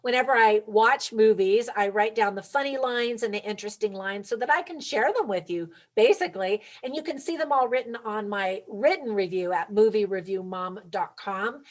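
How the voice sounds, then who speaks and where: A woman's voice: mid-range voice, moderate pace, hardly any pauses. A chatty woman in a mid-range voice gives her casual take on a film. She sounds upbeat and talks right to the viewer, laughing lightly now and then. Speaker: movie reviewer. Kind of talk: casual movie review vlog.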